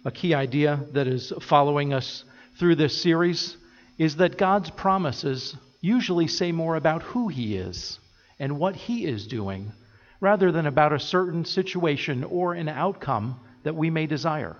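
A man preaching a sermon as pastor, earnest and steady, building his points through repeated phrases. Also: fairly high pitch, unhurried, big-room sound, highs cut off. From United States. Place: church sanctuary.

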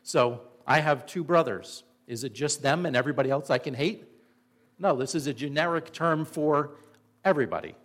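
A man's voice: on the high side, normal speed, a bit bright. A man preaching a sermon, earnest and emphatic, asking the listeners rhetorical questions. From Indiana. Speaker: pastor.

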